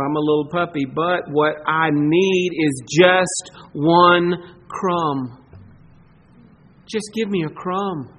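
A man preacher quoting a humble woman who pleads for mercy, his voice lowered and soft.

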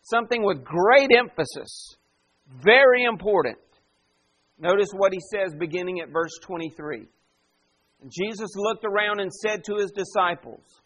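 A male pastor delivers a sermon with a fairly high voice for a man. He preaches with forceful emphasis, pressing his points and asking the congregation questions. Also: expressive, a little slow, rough recording.

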